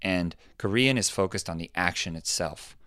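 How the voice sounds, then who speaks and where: A man hosting a podcast, talking things through in a relaxed, thoughtful way and acting out quoted lines with sudden pitch jumps. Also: normal speed, dry recording, studio quality. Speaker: podcast host. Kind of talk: casual explanatory chat.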